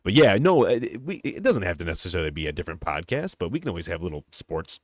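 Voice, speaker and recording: A young man with a low voice co-hosts a casual podcast, his pitch swinging widely as he laughs, swears and slips into mocking voices. The sound is dry and close, with no room around it. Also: very animated, quick pace, no echo. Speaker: podcast co-host. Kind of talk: casual chat.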